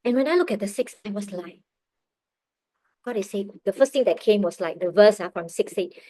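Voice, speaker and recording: A middle-aged woman tells a personal faith story with earnest, heartfelt emotion. Her pitch sits in an ordinary middle range, and she often sinks to a hushed, near-whispered tone. The sound is dry and close, with no room echo. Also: lively intonation, a little fast. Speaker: parent sharing testimony.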